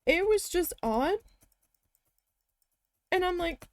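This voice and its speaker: A woman's voice: a little high, a little slow, long pauses. A woman chatting casually while she works on a craft, telling stories and talking to her cat. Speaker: crafting vlogger.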